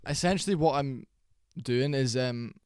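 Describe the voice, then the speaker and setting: Tired man with a smooth voice. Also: unhurried, darkish tone, dry recording, studio quality. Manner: low-energy, tired, rambling with fillers and swearing. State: sleepy, worn out. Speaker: MMA reaction channel host. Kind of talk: casual reaction commentary.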